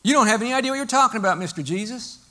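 A preacher voicing a group of hired mourners who scoff and mock with loud indignation. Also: male voice, extremely high pitch, expressive, fairly quick, voice pushed up, full character voice. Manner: sarcastic, indignant.

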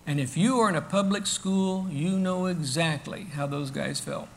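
A man preaching a sermon in a conversational, animated way, asking rhetorical questions and loudly acting out the crowd. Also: fairly high pitch, normal speed, a little hiss or hum. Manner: animated, acts out the crowd and shouts with sudden bursts. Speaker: pastor.

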